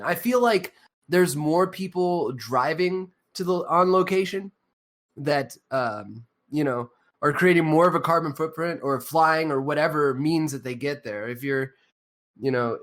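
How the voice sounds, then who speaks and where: A man's voice: on the high side, a little slow, a bit bright. A man hosting a casual podcast, rambling and cursing, with lots of ums and uhs. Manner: rambling, profane, many fillers. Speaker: podcast host.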